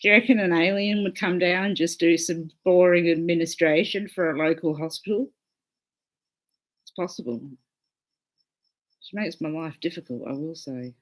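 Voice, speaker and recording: A woman's voice: on the low side, moderate pace, long pauses. A woman hosting a casual livestream, chatting with viewers in a loose, swearing, laughing way. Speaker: livestream host.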